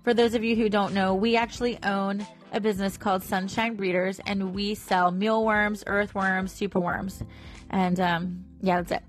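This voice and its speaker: A woman's voice: mid-range voice, level tone, normal speed, soft background music. A woman, chatting casually to her viewers in a rambling way with lots of fillers. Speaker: vlogger and small business owner. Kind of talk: casual chat to camera.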